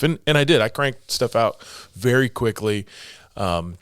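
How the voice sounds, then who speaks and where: A man's voice: medium pitch, expressive, a little slow, fairly bright tone, clean tone, no room sound, studio quality. A man in his forties hosting a casual solo podcast from his home office, jokey and motivational in tone. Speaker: podcast host.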